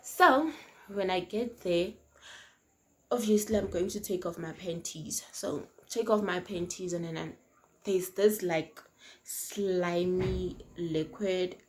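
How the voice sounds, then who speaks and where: A young South African woman telling a casual storytime on her vlog, animated and slangy, swinging between loud and hushed. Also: fairly low pitch, slow pace. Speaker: vlogger. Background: faint noise from outside.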